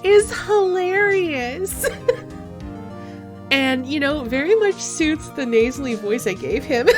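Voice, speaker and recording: A woman's voice: high-pitched, sing-song, takes it slowly, long pauses, soft background music. A woman streamer giggling and commenting playfully on a game. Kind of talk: let's play commentary.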